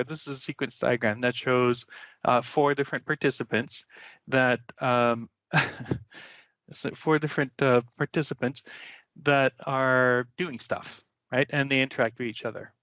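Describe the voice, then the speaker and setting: A man presenting his software demo on an online community call, in a chatty, self-deprecating way with lots of fillers. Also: medium pitch, no echo. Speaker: cloud solution architect presenting a demo. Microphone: computer mic on a video call. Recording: dull, dry video-call audio.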